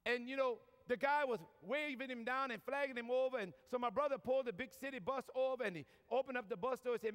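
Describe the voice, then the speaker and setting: A man's voice: very high-pitched, quick pace, hardly any pauses, fairly bright tone, smooth. A man with a New Orleans accent, a priest giving a folksy, joking talk to a large audience. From New Orleans, USA. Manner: folksy, joking, lots of y'all. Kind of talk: preaching talk with humor. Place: large convention hall. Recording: long reverb from a large hall.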